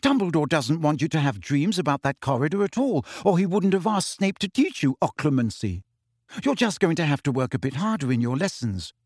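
A man's voice: fairly high pitch, big pitch swings, a little fast, darkish tone, husky, no echo, clean studio sound. A man doing a bossy teenage schoolgirl. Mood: sharp, insistent. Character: anxious earnest teenage girl, bossy and quick.

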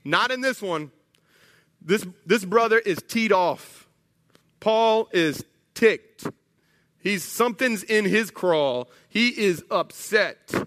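A pastor preaches a sermon in a church sanctuary, his high-pitched voice moving at a slow pace. He tells stories in an animated way, sprinkled with humorous asides, and the hall sounds echoey.

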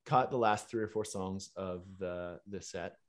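Lively man telling a story. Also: deep voice, a little slow. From Canada. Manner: animated, laughing, swears freely. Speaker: musician and fitness coach. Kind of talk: casual storytelling monologue.

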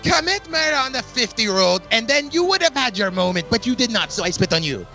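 High bright-voiced playful man host. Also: sing-song, a little fast, soft background music. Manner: playful, exaggerated, swearing. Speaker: podcast host giving awards. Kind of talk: casual chat.

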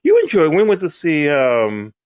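A man's voice: fairly high pitch, huge pitch swings, normal speed, a little mellow, no echo. A man co-hosting a podcast in casual chat, easygoing, laughing often and giving short agreeing replies. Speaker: podcast co-host.

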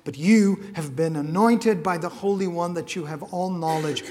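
Impassioned male preacher, slightly high voice, big church reverb. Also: moderate pace, few pauses. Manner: impassioned, swings from shouting to hushed. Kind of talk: sermon. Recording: long hall reverb.

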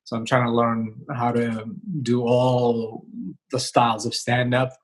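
A male comedian talking casually in an interview over a video call, relaxed and rambling with many fillers and restarts. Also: medium pitch, measured pace, low-quality recording. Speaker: comedian guest. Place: home, remote video call.

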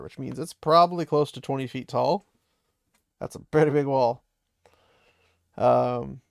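A man's voice: mid-range voice, creaky, a little mellow, dry recording, clean studio sound. A man casually retelling a story in a loose, chatty way, full of fillers and small laughs.

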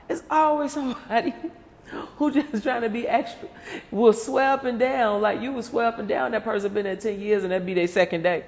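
A woman's voice: on the high side, normal speed, darkish tone, big-room sound. A woman talking straight to her viewers in a casual, comedic rant, firing off rhetorical questions and laughing often. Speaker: vlogger.

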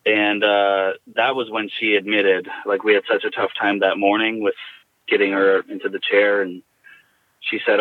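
Man with a low voice over a phone line. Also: level tone, no echo. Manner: halting, reflective. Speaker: guest. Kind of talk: personal storytelling.

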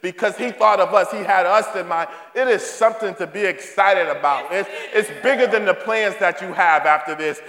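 A man's voice: high-pitched, moderate pace, few pauses, a crowd in the background. A man preaching a sermon at a church service, urging the congregation on with fervent, repetitive calls. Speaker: pastor. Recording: long hall reverb.

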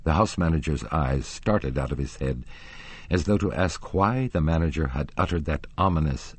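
A man narrating a classic novel as an audiobook in an expressive, theatrical reading. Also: a bass voice, moderate pace, slightly rough, dry recording.

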